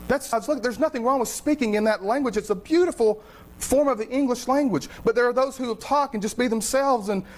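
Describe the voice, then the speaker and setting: High-voiced pastor preaching. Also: male voice, slight background noise. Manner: conversational, animated storytelling with humor. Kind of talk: sermon.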